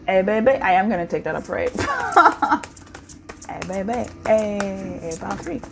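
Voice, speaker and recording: A woman giving a casual pick-a-card tarot reading, chatty and intimate, with sing-song crooning calls and slow, stretched-out emphasis. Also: medium pitch, very animated, vocal fry, background noise.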